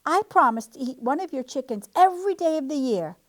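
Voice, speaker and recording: Reader voicing a hungry sly fox, smooth and threatening, storybook villain. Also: female voice, high-pitched, animated, a little fast, voice pushed up. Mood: wheedling. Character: greedy sly male fox.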